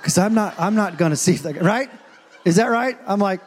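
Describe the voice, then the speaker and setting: A high-voiced man preaches at a fairly quick pace, serving as pastor. He tells stories, dramatizes scenes, and shifts from quiet murmurs to forceful points.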